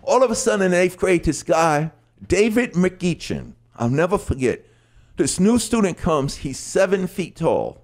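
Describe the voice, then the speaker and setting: Animated high-voiced New man storytelling. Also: measured pace. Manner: animated, acts out lyrics and voices. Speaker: guest storyteller.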